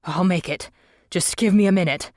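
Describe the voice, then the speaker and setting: A woman's voice: fairly low pitch, normal speed, a little mellow, no room sound, clean studio sound, close to an everyday voice. Woman voicing a hurt, frightened young man. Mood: pained. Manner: pained outcries.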